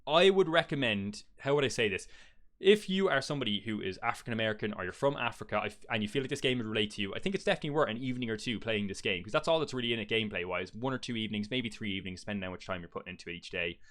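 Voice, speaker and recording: A man's voice: on the low side, expressive, racing, a bit bright. A man giving a casual, blunt game review, chatty and peppered with fillers and swearing.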